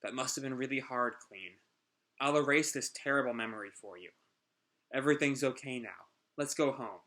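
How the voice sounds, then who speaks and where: A man voicing a gentle, motherly female android who speaks in a soft, comforting way. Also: mid-range voice, normal speed, close to an everyday voice.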